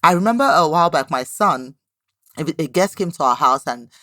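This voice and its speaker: A woman in her thirties hosting a podcast, giving a motivational talk with lively storytelling and a frequent questioning "right?". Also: low-pitched, fairly quick, dry recording, studio quality. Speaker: podcast host.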